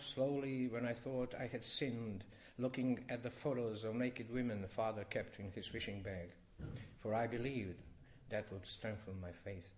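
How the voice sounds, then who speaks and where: A man reading his own poem to a live audience, with expressive rises and drops in his voice. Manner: expressive, wide swings in pitch and loudness. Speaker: poet reading his work. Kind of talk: poetry reading.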